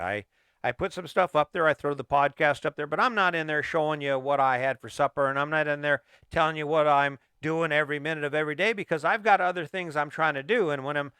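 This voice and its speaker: A middle-aged man hosts a motivational podcast, speaking emphatically and firing off one rhetorical question after another. His voice is slightly high with a sharp, clean tone, recorded at studio quality with no room sound.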